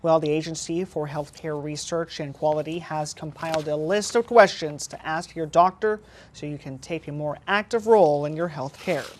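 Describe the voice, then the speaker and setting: A woman co-hosting a local news show, reading announcements in a measured way. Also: deep voice, a little hiss or hum.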